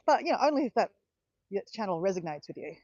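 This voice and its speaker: A woman's voice: medium pitch, quick pace, dry recording. Australian woman, live-stream host, chatty, greets viewers by name, dry close sound, slightly dull. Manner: chatty, addresses viewers by name, bursts of excited cheering. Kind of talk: chatty livestream talk to viewers.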